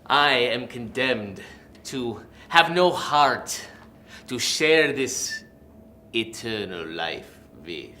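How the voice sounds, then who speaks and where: An actor playing a man who reads a mournful vampire role in a slow, grandiose stage manner. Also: mid-range voice, expressive, pushed and bright, a little hiss or hum, heavily acted. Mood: brooding. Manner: slow, grandiose, dramatic pauses. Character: brooding vampire, male, theatrical and mournful. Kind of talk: overwrought stage reading.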